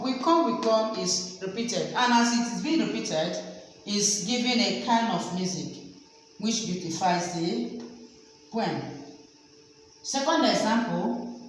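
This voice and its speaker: Lady teacher going over examples slow and repeats em, super echoey room w/ long reverb. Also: fairly high pitch, expressive. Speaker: literature teacher. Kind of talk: classroom lecture. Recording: very echoey room, faint background noise.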